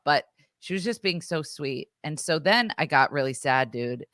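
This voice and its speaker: A woman in her thirties co-hosts a podcast, chatting casually through a story with plenty of fillers and acting out the voices she quotes. Her voice sits low, animated and a bit bright, at normal speed. The recording is dry and studio quality.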